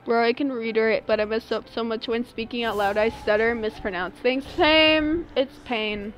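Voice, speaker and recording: A woman's voice: fairly high pitch, steady tone, moderate pace, faint music behind. A woman in her twenties chatting casually and slangily as she streams a game. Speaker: live streamer. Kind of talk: casual chat while gaming on stream.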